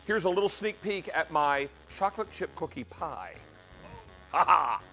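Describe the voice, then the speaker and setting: A man's voice: high-pitched, expressive, normal speed, a bit bright, soft background music. A man hosting a live TV shopping cooking demo, with upbeat, salesy patter. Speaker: shopping channel host.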